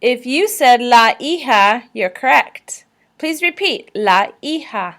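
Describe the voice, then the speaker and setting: A woman with a fairly high voice teaches vocabulary in a recorded slideshow lesson. She talks slowly and carefully, stopping often so listeners can repeat after her. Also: expressive, fairly bright tone. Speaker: language teacher.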